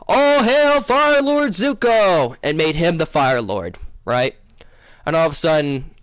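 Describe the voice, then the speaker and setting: A man's voice: medium pitch, a bit bright, clear, resonant tone, no echo. A man hosting a casual vlog, retelling a dream in a rambling way full of fillers. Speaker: channel host.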